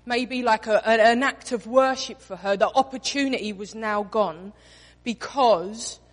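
Woman preaching in an echoing hall. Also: on the high side. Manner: expressive, acts out quotes in voices. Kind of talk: sermon. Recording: reverberant hall.

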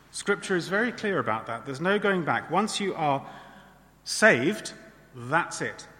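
Male preacher, conversational, pitched a bit high, reverberant church hall. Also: bright, forceful tone. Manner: conversational, with frequent tag questions. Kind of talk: sermon.

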